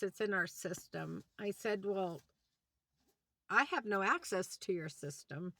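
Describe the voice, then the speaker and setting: Her voice is mid-range, gravelly and a little slow, with no echo, as this woman vlogger rants through a story from inside a van. She animatedly plays both sides of the conversation, quoting what each person said.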